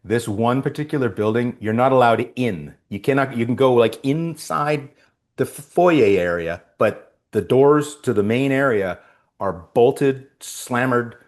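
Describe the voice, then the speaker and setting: An actor appearing as a guest in a casual interview tells a story in a medium-pitched, unhurried voice. He is an animated storyteller who acts out the voices of the people involved.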